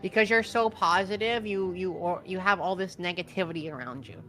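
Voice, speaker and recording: A woman talks to a live game-stream chat with a bright, forceful tone. She teases and mock-scolds viewers, swearing in jest. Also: fairly low pitch, brisk, soft background music. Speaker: co-op streaming guest.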